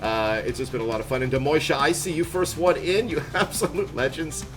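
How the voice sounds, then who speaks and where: On a live game stream, a man with a slightly high, brisk voice chats casually, upbeat and rambling, laughing a lot. He's on a headset, and loud background music plays throughout.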